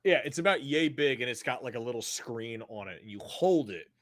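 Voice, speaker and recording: A man's voice: mid-range voice, expressive, fairly quick, no room sound, studio quality. A man narrating as game master of a tabletop game, in a casual, chatty way with plenty of fillers.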